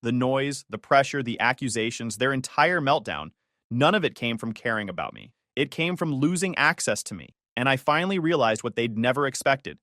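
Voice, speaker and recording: A man's voice: mid-range voice, animated, moderate pace, fairly bright tone, no room sound, clean studio sound. Matter-of-fact man narrating a story. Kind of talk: scripted first-person story narration.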